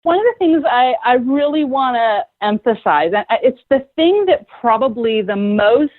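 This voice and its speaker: A woman's voice: fairly high pitch, moderate pace, no room sound. A woman psychotherapist, a podcast guest, telling stories earnestly and acting out the people in them. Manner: earnest, animated storyteller who acts out quoted people. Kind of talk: conversational podcast interview. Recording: tinny phone-like line, dry.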